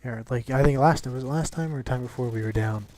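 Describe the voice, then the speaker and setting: A man's voice: mid-range voice, quick pace, a little mellow. A young man chatting casually over gameplay, rambling and swearing with lots of restarts. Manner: rambling and profane, many restarts.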